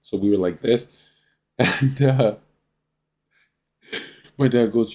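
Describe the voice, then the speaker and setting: A man's voice: medium pitch, steady tone, a little slow, pauses often, dark tone. A young man from Canada hosting a casual reaction stream, telling stories in a loose, profane way.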